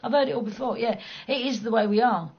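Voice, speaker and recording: A woman's voice: a little high, fast talker, highs cut off. A middle-aged woman with a London accent, chatting casually and bluntly with viewers during a game stream, cheeky and swearing freely. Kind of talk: casual chat.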